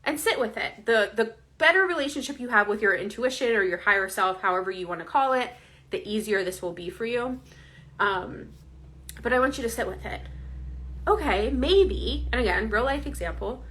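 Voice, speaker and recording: A woman's voice: a little high, animated, moderate pace, a bit bright. A woman coaching viewers in a casual, earnest, conversational way, often checking in with "right?". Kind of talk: casual direct-to-camera advice.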